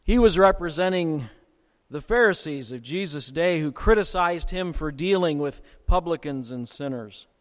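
A man preaching a sermon with dramatic swings in loudness and pace. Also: fairly high pitch. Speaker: pastor. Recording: long hall reverb.

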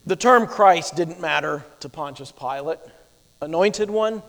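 A man's voice: a little high, measured pace, creaky. A male preacher delivering a sermon, teaching emphatically and asking rhetorical questions. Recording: long hall reverb.

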